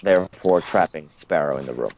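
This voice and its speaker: A man's voice: a bass voice, fairly quick, a little mellow, lo-fi sound, slight background noise. A man running a tabletop game as game master, narrating with frequent uh and um. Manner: hesitant, lots of uh and um.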